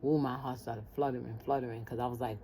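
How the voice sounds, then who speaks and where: A woman telling a personal story in casual talk, lively and acting out the voices of family members. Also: extremely low pitch, fast talker, slight background noise.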